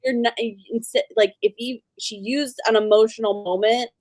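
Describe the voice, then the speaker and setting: Emphatic higher-voiced woman podcaster. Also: fairly even intonation, a little mellow, dry recording. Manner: emphatic, quick to laugh. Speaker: podcast co-host. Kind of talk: casual recap chat.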